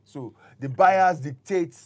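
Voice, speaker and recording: A man's voice: a little high, slow, darkish tone. Man explaining property deals patiently. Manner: patient, explains step by step with examples. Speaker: real estate expert guest. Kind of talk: explanatory talk show chat.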